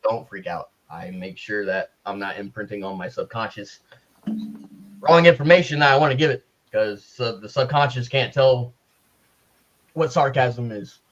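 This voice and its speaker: A man with an ordinary mid-range voice tells an animated story in a casual group discussion, often restarting his sentences. His audio sounds dull and lo-fi. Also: mid-range voice, moderate pace, soft background music. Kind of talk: casual chat.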